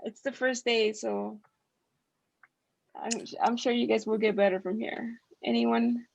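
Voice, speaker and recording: A woman's voice: fairly high pitch, steady tone, unhurried, creaky, a little mellow, highs cut off. A young woman teaching a casual online Spanish lesson over a video call, filling her speech with "like" and "um". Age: young adult. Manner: many fillers like "like" and "um". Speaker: student Spanish tutor.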